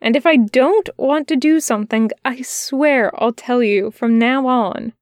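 A woman voicing a fussy, gentle male angel who speaks tenderly and stammers when flustered. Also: high voice, unhurried, dry recording, studio quality.

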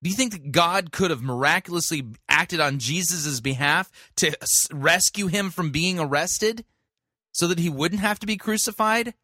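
A man's voice: on the high side, normal speed, pushed and bright, no room sound, studio quality. A man hosting a sermon review, critically correcting what he heard with scripture. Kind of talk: critical commentary and preaching.

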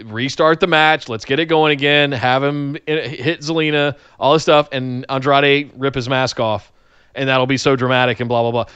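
A man's voice: mid-range voice, steady tone, moderate pace, a bit bright, smooth, dry recording, dull audio. A man co-hosting a casual chat about wrestling, with wry, sarcastic asides. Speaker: podcast co-host.

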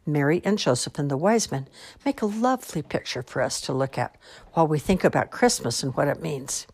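A woman voicing a patient mother who directs a church pageant, gently correcting the children in a read-aloud story. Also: low voice, lively intonation, fairly quick, breathy edge, full character voice.

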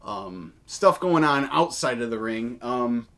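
Man, podcast co-host, casual chat, hesitant, lots of fillers, medium pitch. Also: lively intonation, slow pace, fairly bright tone. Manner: hesitant, many fillers and restarts. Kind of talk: casual wrestling news chat.

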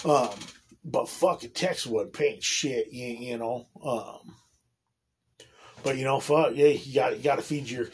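A man's voice: medium pitch, a little slow, darkish tone, slight background noise. A man in his forties, a union electrician, telling a rambling work story in casual chat, swearing constantly.

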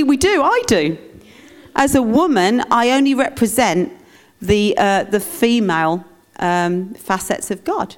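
A woman's voice: medium pitch, expressive, unhurried. A woman preaching a conversational sermon in church, teaching with humour and playful asides.

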